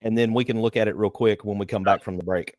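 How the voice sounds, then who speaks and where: A man co-hosting a sports talk show, calmly laying out seedings and game details. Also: on the low side, fast talker, dry recording, clean studio sound. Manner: steady, explains stats and seeding. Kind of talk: sports analysis chat.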